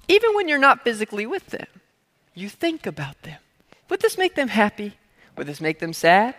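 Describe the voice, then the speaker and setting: Pastor, male, high and bright: casual, joking sermon delivery in a big echoing church. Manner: conversational, asks the crowd to repeat words; playful asides and everyday examples. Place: church hall. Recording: long reverb of a large hall.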